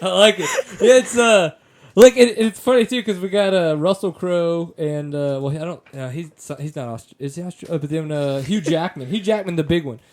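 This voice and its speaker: A man's voice: fairly high pitch, moderate pace, a little hiss or hum. An American man hosting a casual podcast, rambling and joking with plenty of fillers. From United States. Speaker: podcast host.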